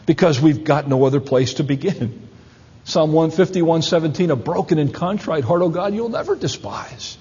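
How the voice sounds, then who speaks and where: A man's voice: medium pitch, a little mellow, slightly rough. A man preaching a sermon as a pastor, speaking earnestly and with emphasis. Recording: long hall reverb, dull lo-fi sound.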